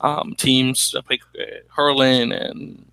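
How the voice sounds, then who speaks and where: Bright-voiced man in casual chat. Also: medium pitch, flat delivery, vocal fry, smooth, dry recording. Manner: rambling, halting with fillers and restarts. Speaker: podcast co-host. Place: New York.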